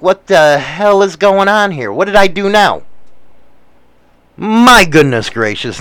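A man hosts a loose, casual live show, jumping between the news and crude, wisecracking rants. His voice is smooth and clear and sits a bit high. The sound is dry and close. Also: a bit bright, no room sound. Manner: rambling, profane, wisecracking. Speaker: show host reading the news.

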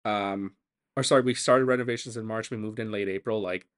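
A man's voice: lowish voice, fairly even intonation, fairly quick, fairly bright tone, clear, resonant tone. A young man hosting his podcast, telling stories casually with a teasing, joking manner. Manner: joking, teasing, loose storytelling. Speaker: podcast host.

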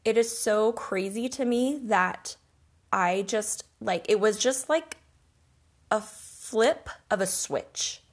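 A woman's voice: mid-range voice, slow. A woman hosting a podcast, telling a personal story in an earnest, reflective and emotional way. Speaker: podcast host.

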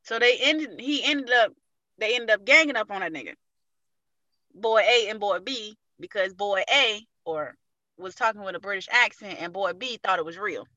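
A woman's voice: medium pitch, moderate pace, pushed and bright, dry recording, dull audio. A woman co-hosting a casual podcast, retelling a funny video with lots of profanity and laughter. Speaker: podcast co-host. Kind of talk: casual chat, storytelling.

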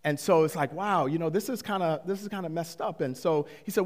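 A middle-aged man preaching with a slightly high voice and animated storytelling. His words ring out with a long reverb. He sounds like he is in a big hall. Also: moderate pace. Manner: animated, rising to excited high-pitched retellings. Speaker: pastor. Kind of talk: sermon storytelling.

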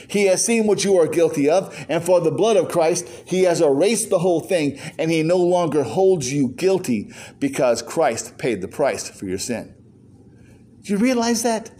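A man's voice: sits high, a little mellow. An older man preaching a sermon as pastor, firing rhetorical questions with joking asides.

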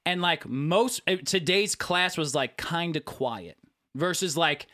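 A man in his thirties chatting casually as a podcast co-host, an animated storyteller who swears freely and acts out quotes. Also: a little high, slow. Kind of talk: casual chat.

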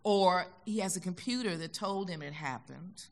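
An older American woman telling stories as a guest in an onstage conversation, animated and acting out the voices she quotes. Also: on the low side, moderate pace. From United States. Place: concert hall stage.

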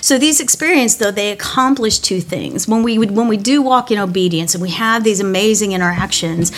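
A woman's voice: medium pitch, brisk. A middle-aged woman pastor giving a devotional talk, telling personal stories in a candid, self-deprecating way with small restarts.

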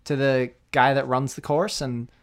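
A man's voice: mid-range voice, normal speed. A young man co-hosting a casual podcast, telling work stories with laughs and acted-out quotes. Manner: animated, laughing storyteller who acts out quotes. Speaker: podcast co-host. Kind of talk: casual storytelling chat.

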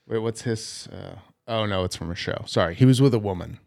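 A man thinking out loud and hesitating in casual podcast chat. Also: on the low side, a little fast, vocal fry, no echo.

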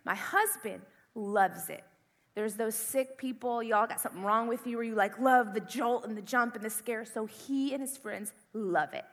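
Young woman preacher, high bright voice, big echoey hall, acts out the scary bits. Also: normal speed. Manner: animated storytelling, acts out screams and panic. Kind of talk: sermon with personal story. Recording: long hall reverb.

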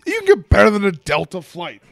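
A man co-hosting a casual movie reaction chat, excitable and animated, swearing freely. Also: high voice, quick pace, vocal fry.

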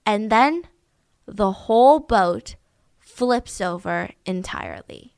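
A woman hosting a podcast, telling a true story in an animated way and acting out the voices. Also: medium pitch, slow, creaky, clean tone, no room sound, clean studio sound. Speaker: podcast host. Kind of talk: storytelling true-crime narration.

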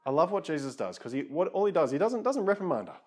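A man's voice: a little high, sing-song, fast, a little mellow. A man preaching a conversational sermon, casual and self-deprecating, with frequent asides to his listeners.

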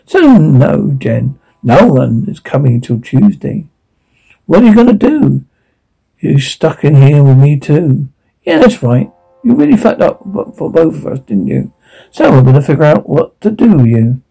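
An actor playing an obsessive male security guard holding a woman captive, taunting and mocking her, then flaring into rage, in a dark audio drama. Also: fairly high pitch, big pitch swings, a little slow, creaky, breathy edge, heavily acted, rough recording.

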